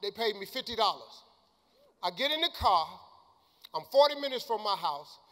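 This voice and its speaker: An older man giving a motivational speech and telling stories, colloquial and emphatic, sometimes shouting. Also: high voice, very animated, normal speed. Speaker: motivational speaker. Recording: long hall reverb.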